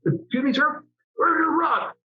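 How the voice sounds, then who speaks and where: A man voicing a gruff male Army battalion commander with a Southern accent, barking orders. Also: extremely high pitch, a little slow, roomy sound, distant mic, narrow, tinny audio, pitched above the performer's own voice. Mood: impatient.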